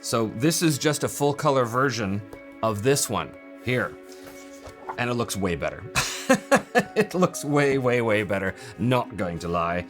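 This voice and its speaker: A man's voice: medium pitch, lively intonation, a little slow, fairly bright tone, faint music behind. A man hosting a channel, casually walking through a game book with enthusiasm, rambling with many fillers and restarts. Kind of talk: casual product walkthrough.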